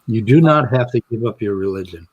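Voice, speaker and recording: A man's voice: on the low side, a little fast, darkish tone, husky, no echo, dull audio. A middle-aged man interviewing a guest in casual conversation, plainspoken and challenging with light humor.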